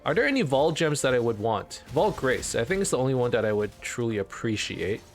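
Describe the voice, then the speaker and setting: A man hosting a let's play, casually commenting on his game in an excitable, rambling way. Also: mid-range voice, a little fast, soft background music.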